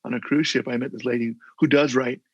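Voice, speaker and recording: An older man with a gravelly, husky voice talks in a casual interview over a video call. He tells his stories earnestly and rambles, restarting his sentences often. The dull, dry audio has little room sound. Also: mid-range voice, steady tone, fast talker, no echo. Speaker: guest, former mayor.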